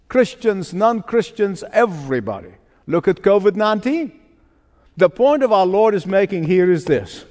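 High-voiced guy preaching, super animated, words ringing out in a big reverby hall. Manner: emphatic, repeats key phrases, swings from hushed to loud. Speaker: pastor. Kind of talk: sermon. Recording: long reverb of a large hall.

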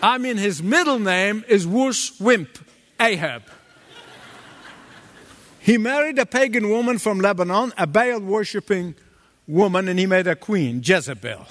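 A man preaching a sermon as pastor, dramatic and animated, acting out the voices of the people in his story. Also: high-pitched, unhurried, in a large hall.

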